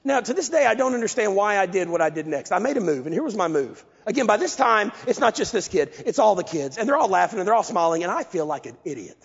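A man preaching a sermon, telling a story in a lively, self-mocking way. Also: high voice, fast, creaky, hardly any pauses, slightly rough. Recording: lo-fi, echoey hall.

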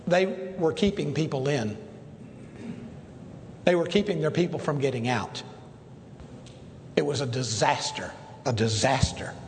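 A man's voice: medium pitch, measured pace, long pauses. A middle-aged male pastor telling rambling stories in a sermon, full of restarts and asides. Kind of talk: sermon storytelling. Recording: echoey hall with long reverb, faint noise.

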